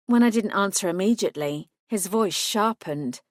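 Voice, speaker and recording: A woman's voice: on the low side, a little slow, hardly any pauses, no echo. Woman narrating an audiobook, dry studio sound. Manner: reads in first person, voices characters with small shifts.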